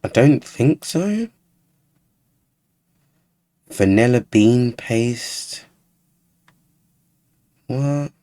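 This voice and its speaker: A man's voice: mid-range voice, very animated, drawn-out words, pauses often, mellow. A man giving casual, sarcastic reaction commentary as a YouTuber, sounding exasperated.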